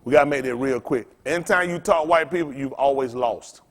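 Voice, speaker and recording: A man's voice: medium pitch, a little fast. A man preaching to his congregation in a blunt, profane, rambling style, trading call-and-response with the room. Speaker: pastor.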